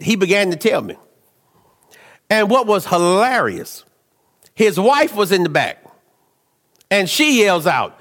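Animated preacher man in a reverberant hall. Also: takes it slowly, pauses often. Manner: animated storytelling, swinging from low asides to shouts. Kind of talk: sermon.

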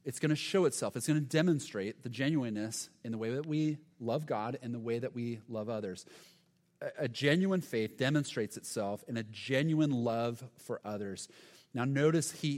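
A man's voice: mid-range voice, darkish tone. A man preaching a sermon as pastor, earnest and emphatic, sometimes stumbling over his words. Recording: long hall reverb.

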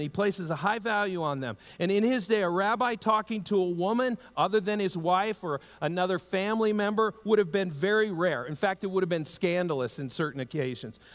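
A male pastor delivers his sermon in a conversational, preacherly style, with a voice that sits a little on the high side. He pushes up for emphasis, then sinks low and quiet to speak tenderly to the congregation. The sound rings with the long reverb of a large church sanctuary.

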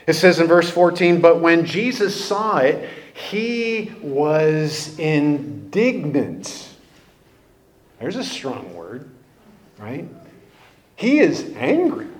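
Preaching very slowly in a voice on the high side, a male pastor delivers an animated, conversational sermon loaded with rhetorical questions.

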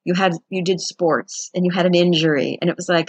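A woman's voice: fairly low pitch, fairly even intonation, fairly quick, husky, no echo. A woman giving a chatty, conversational self-help talk as a wellness teacher. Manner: chatty, conversational, acts out quotes with laughs.

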